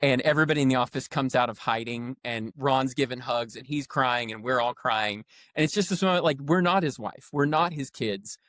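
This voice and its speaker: A man telling a workplace story with lively retold quotes in a casual podcast conversation. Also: medium pitch, brisk, hardly any pauses, no room sound. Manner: animated storyteller, acts out quotes. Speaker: podcast guest, roofing company leader.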